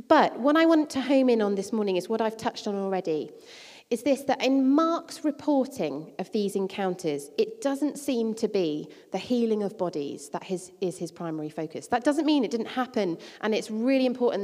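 A woman preaching a sermon in an easy, conversational way, slipping in casual asides between passages. Her voice is mid-pitched and carries a long reverb from a large hall. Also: mellow. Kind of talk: sermon with Bible reading.

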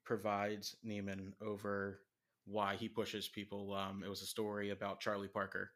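Low, flat-voiced man in casual talk. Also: moderate pace. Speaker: guest, former drumline member. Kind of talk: casual conversation.

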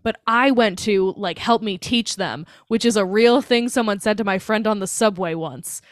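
A woman's voice: mid-range voice, normal speed, no room sound, clean studio sound. A young woman co-hosting a podcast, recapping a film in casual chat with sarcastic asides and lots of fillers. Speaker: podcast co-host.

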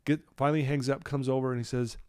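A man telling a personal story as a podcast guest, candid and animated. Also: mid-range voice, fast talker, smooth, dry recording, clean studio sound. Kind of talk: storytelling in a casual interview.

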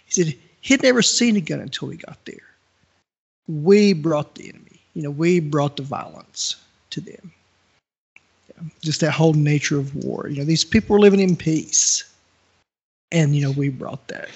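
Podcast co-host, man, husky voice, keen and laugh-prone, casual chat, muffled lo-fi recording. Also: fairly high pitch, moderate pace. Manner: enthusiastic, laughs often. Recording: dull lo-fi recording.

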